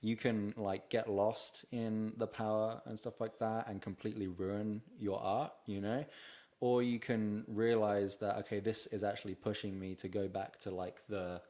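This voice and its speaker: A man's voice: lowish voice, level tone, moderate pace, mellow. A man hosting a casual music interview, laid-back and full of "yeah, man" agreement. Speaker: podcast host.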